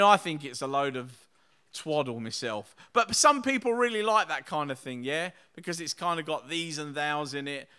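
A man's voice: fairly high pitch, sharp tone, clear, resonant tone. A man preaching a sermon to his church, speaking conversationally with frequent tag questions, then leading a communion prayer. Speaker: pastor.

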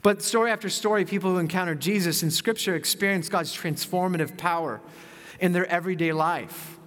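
A man in his thirties, a pastor, preaching a sermon and telling a personal story in a lively, self-mocking way. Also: high-pitched, brisk. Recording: long reverb of a large hall.

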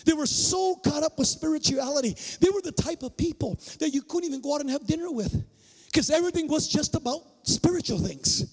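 High-pitched guy preaching, acts out the dialogue, lots of hall reverb. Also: fairly quick. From Mexican-American migrant family. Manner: animated, acts out dialogue, shouts for emphasis. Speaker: pastor. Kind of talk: sermon with storytelling. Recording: long reverb of a large hall.

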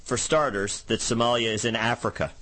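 A man's voice: mid-range voice, fairly even intonation, brisk, pushed and bright. A man from Canada co-hosting a comedy podcast with dry, jokey banter. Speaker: co-host, comedian and lawyer.

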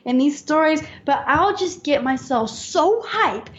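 A woman chatting casually with a slightly high voice, giggling often as she rambles. The recording sounds dull and lo-fi. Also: animated, a little slow, fairly bright tone. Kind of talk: casual chat.

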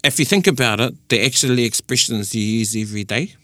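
A man's voice: mid-range voice, fast talker, pushed and bright, dry recording. A man with a New Zealand accent, hosting a casual radio chat and patiently explaining points of Māori language. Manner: explains patiently, with many restarts and fillers. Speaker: host teaching Māori language.

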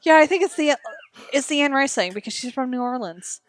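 A woman co-hosting a podcast in relaxed casual chat, laughing often. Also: high-pitched, brisk. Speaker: podcast co-host.

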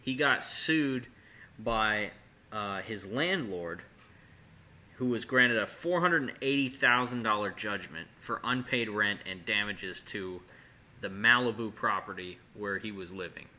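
A man's voice: lowish voice, measured pace, sharp tone. A man in casual podcast chat, joking and rambling with frequent restarts.

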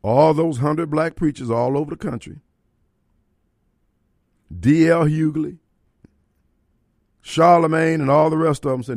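Talk radio host, male, gravelly voice, blunt, emphatic, dry studio sound. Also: a little high, steady tone, measured pace, pauses often, a little mellow, no room sound. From Mississippi.

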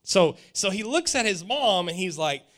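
Male preacher, forties, animated storyteller, high voice that swoops around. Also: normal speed. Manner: animated storytelling, repeats words. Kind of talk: sermon.

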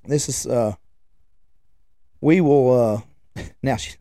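The speaker is a podcast host in his 40s who tells loose, chatty stories, often restarting or letting sentences trail away. He talks slowly in a warm, mid-range voice, and the recording is dry with clean studio sound.

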